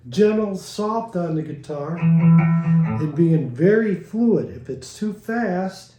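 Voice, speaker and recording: A man giving a casual guitar lesson, explaining in a slow, halting way with many restarts. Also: fairly high pitch, echoey room, poor audio. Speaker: guitar teacher. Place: recording studio. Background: guitar playing.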